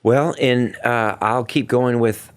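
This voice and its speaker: A man's voice: mid-range voice, slow, smooth. A middle-aged man, a Broadway performer guesting on an interview show, telling backstage stories in casual talk and acting out the quotes. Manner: animated storyteller, acts out quotes in a raised voice.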